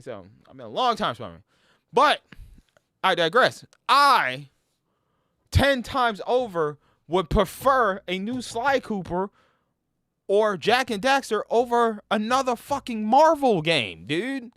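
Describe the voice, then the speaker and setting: A man's voice: sits high, measured pace, dry recording, studio quality. A man ranting casually as a gaming streamer, swearing and tripping over his words. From New York. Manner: animated, profane, stumbles over words.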